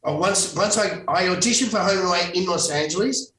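A middle-aged Australian actor, guesting on a casual interview, tells rambling stories packed with restarts and self-corrections. His voice sits high, fairly quick, pushed and bright. The mic is distant, with a roomy echo.

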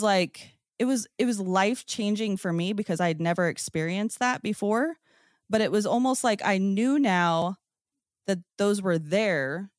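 A woman guest on a podcast, telling her own story in a casual, excited way, with lots of "like" and "um". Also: lowish voice, dry recording, clean studio sound. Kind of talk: casual first-person storytelling.

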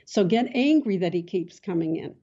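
A woman hosting a call-in psychic radio show, giving gentle advice and calling callers honey. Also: on the low side, lively intonation, moderate pace, husky, lo-fi sound. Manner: soothing, calls callers honey.

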